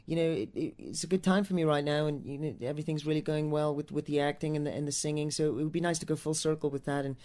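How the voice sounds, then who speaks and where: A Newcastle man with a fairly high, darkish voice answers interview questions about his stage career. He's a musical theatre actor and singer whose accent blends American and Northern English, and he talks fast with hardly any pauses and fairly even intonation. His answers ramble, with many restarts.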